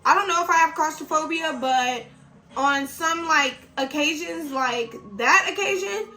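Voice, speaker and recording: A woman's voice: sits high, measured pace, sharp tone, slight background noise, low-quality recording. A young woman telling a story in casual storytime style, blunt and slangy, swearing freely. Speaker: vlogger.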